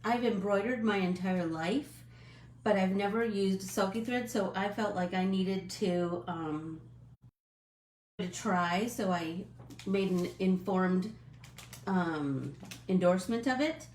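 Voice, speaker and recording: A middle-aged woman hosting a casual live stream, chatting in a friendly, rambling way with many fillers and quick apologies. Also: medium pitch, darkish tone, roomy sound, a little hiss or hum.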